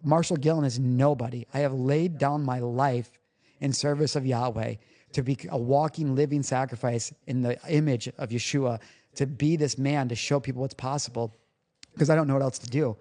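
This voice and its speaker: A man's voice: mid-range voice, steady tone, normal speed, warm tone. Candid, emotional man telling a story. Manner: candid, emotional, casually profane. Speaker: recovery coach guest. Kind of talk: podcast interview, personal storytelling.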